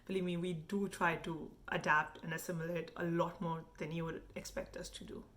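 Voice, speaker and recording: A woman's voice: fairly low pitch, fairly quick. Frank young woman with light Indian accent. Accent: light Indian English. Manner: animated and frank, with frequent "like" fillers. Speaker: vlogger reviewing a TV show. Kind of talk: casual opinionated review.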